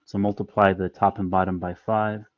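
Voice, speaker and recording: In an online lecture, a man walks through a math lesson step by step, patient and full of fillers. He has a deep voice, level tone and moderate pace. The recording has no room sound, and its highs are cut off.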